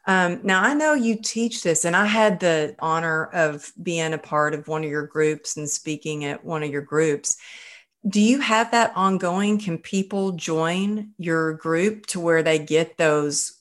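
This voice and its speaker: A woman hosting an interview show, effusive and heartfelt as she speaks warmly of her guest. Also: fairly low pitch, a little slow. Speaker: podcast host. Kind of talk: conversational interview.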